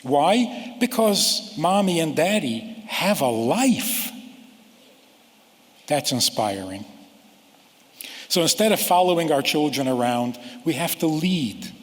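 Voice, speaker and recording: Slow-speaking rabbi in a reverberant hall. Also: male voice, fairly high pitch, big pitch swings. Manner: slow, deliberate, with long pauses and dramatic drops in voice. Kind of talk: sermon-style lecture. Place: large lecture hall.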